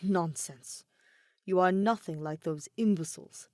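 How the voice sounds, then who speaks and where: A woman's voice: on the low side, unhurried, darkish tone, no echo, clean studio sound, natural voice. A woman voicing a proud, stern male doctor in a fan audio story, with formal, clipped speech. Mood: dismissive.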